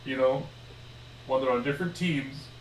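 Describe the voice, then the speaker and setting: A man's voice: mid-range voice, moderate pace, a little hiss or hum, lightly acted. A man voicing an awkward, flustered young man who stammers through forced politeness. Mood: forced cheer. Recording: roomy sound from a distant mic.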